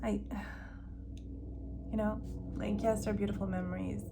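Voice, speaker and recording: A woman's voice: medium pitch, flat delivery, slow pace, noisy background. A woman budgeting vlogger talking casually to camera, candid and rambling with fillers, self-corrections, nervous laughs and sighs.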